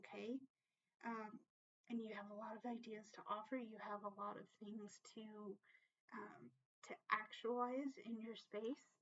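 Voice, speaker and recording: A woman's voice: medium pitch, little pitch movement, a little slow, highs cut off. A woman giving a casual tarot reading to her viewers, earnest and emotional, often checking in with "okay?" and swearing casually. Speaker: tarot reader.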